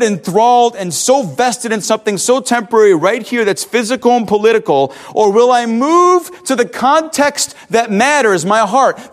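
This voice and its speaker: An earnest male pastor preaching a sermon in a slightly high voice. He pushes up into emphatic questions, then drops low and quiet when he tells a story. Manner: earnest, rising to emphatic questions, dropping soft for stories.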